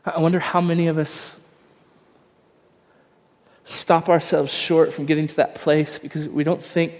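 A man's voice: fairly high pitch, flat delivery, measured pace, darkish tone, in a large hall. A man, probably in his thirties, preaching a sermon in a conversational, self-deprecating storytelling way with frequent fillers. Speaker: pastor.

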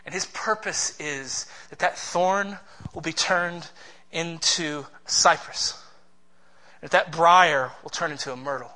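Male pastor, high voice, bright and forceful tone, emphatic sermon delivery. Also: slow. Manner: emphatic, passionate preaching.

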